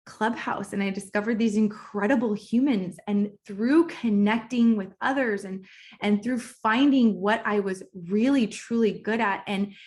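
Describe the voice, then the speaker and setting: Candid woman coach in her thirties. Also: medium pitch. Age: 30s. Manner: candid and conversational, turning emotional and emphatic. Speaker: business coach. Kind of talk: personal story in a recorded course module. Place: at home, kitchen nearby.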